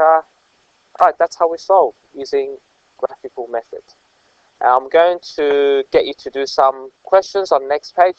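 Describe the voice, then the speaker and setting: A man walks through a math lesson patiently, pausing to check understanding with quick "right?"s. His English has a slightly non-native phrasing. The voice sits a touch high, and the audio is dry and a little muffled. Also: no room sound. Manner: explaining step by step with frequent check-ins. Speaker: math tutor.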